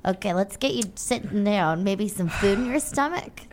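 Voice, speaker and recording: A woman's voice: mid-range voice, expressive, normal speed, a little hiss or hum. A woman playing a tabletop game in character, questioning and caring. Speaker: player.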